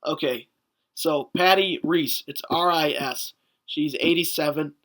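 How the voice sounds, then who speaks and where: A man's voice: a little high, fairly even intonation, unhurried, a bit bright. A man telling a story in a rambling, joking way on a casual vlog, swearing now and then. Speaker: vlogger.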